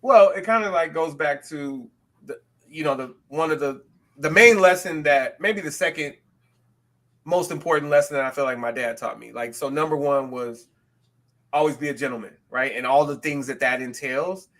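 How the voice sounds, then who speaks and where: A male podcast co-host from the West Coast of the US, talking in loose, animated chat. His voice sits a bit high for a man and comes across bright and forceful. He drops in quick self-aware asides.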